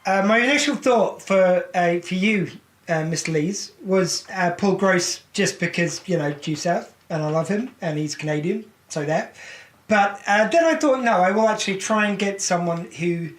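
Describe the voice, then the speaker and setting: A man's voice: high voice, expressive, moderate pace. A man chatting on a live podcast stream, rambling and hesitating with many fillers. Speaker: podcast host, guest on the show. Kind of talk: casual live stream banter. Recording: echoey live stream audio.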